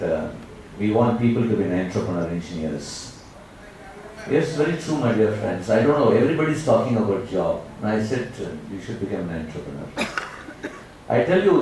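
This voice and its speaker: A man from India giving a motivational speech to students in an auditorium and telling stories in an animated way. He keeps calling the crowd "my dear friends". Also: fairly low pitch. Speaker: guest speaker. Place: large auditorium. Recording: echoey hall, mic at a distance, faint noise.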